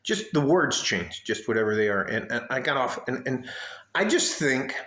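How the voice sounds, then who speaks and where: A man's voice: mid-range voice, sing-song, normal speed, sharp tone, roomy sound. Rambling man vlogging outdoors. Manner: chatty, rambling, swears and laughs. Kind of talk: casual rambling vlog. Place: outdoors at home, by his car.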